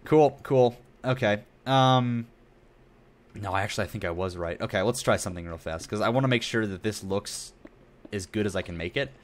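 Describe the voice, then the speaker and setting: A man's voice: fairly low pitch, moderate pace. A young man streaming a building game, chatting in a rambling, self-deprecating way with lots of asides. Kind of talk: casual gameplay commentary.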